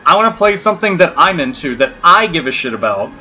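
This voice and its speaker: A man ranting to his livestream chat in a bright, forceful voice, swearing freely and circling back on himself. Faint music plays under him. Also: on the high side, very animated, fast talker. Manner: profane, blunt and ranting; rambling with many restarts. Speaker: gaming livestream host.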